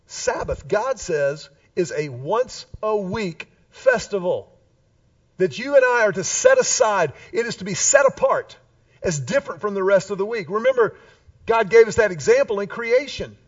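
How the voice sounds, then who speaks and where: A man preaching a Sunday sermon to his congregation in a church, animated and playful with humorous asides. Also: high-pitched, normal speed, recorded from a distance, lo-fi sound. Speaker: pastor. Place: church sanctuary.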